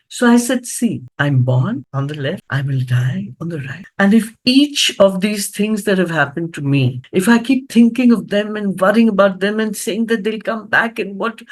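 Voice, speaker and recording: An older woman giving a motivational talk to students, telling her story with earnest storytelling and lively acted-out quotes. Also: mid-range voice, rough recording. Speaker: motivational speaker.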